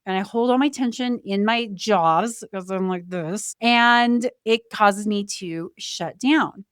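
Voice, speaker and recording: Earnest woman, slow deliberate emphasis. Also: mid-range voice, clear, resonant tone, dry recording, clean studio sound. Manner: earnest, reflective, slows down for emphasis with deliberate pauses; candid and emotional, with brief laughs. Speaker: podcast host. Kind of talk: solo reflective podcast monologue.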